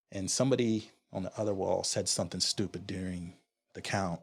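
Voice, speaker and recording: A man from Honduras, appearing as a guest on a podcast, tells his own story in a low voice. His tone is husky and a little breathy, and he talks candidly and reflectively, frequently starting a thought over partway through.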